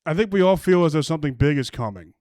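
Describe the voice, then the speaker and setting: A man's voice: fairly high pitch, lively intonation, quick pace, a little mellow, dry recording, clean studio sound. A man ranting mockingly about online posts, crude and angry, often restarting his sentences. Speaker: streamer reacting to posts. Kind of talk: profane casual rant.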